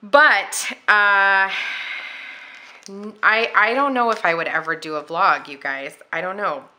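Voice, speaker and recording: A woman's voice: mid-range voice, unhurried, sharp tone. A woman chatting casually at home while she decorates a planner, rambling with lots of fillers. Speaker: planner vlogger.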